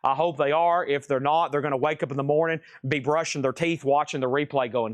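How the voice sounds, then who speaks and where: A man's voice: medium pitch, clear, resonant tone, no room sound, clean studio sound. A man hosting a live online record sale, rattling off grades and prices and joking with viewers between lots. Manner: jokey, rapid price calls. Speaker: live auction host.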